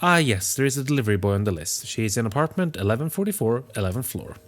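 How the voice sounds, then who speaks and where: A man's voice: medium pitch, big pitch swings, fast, close to an everyday voice. A man voicing a formal, overly polite male building concierge. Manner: formal, polite, slightly smug.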